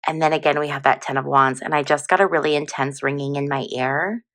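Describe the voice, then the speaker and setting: A woman's voice: sits low, fairly even intonation, quick pace, fairly bright tone. A woman giving a casual, chatty tarot reading on video, full of fillers and prone to giggling. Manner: chatty, giggly, lots of fillers like "like" and "you know". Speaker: tarot reader.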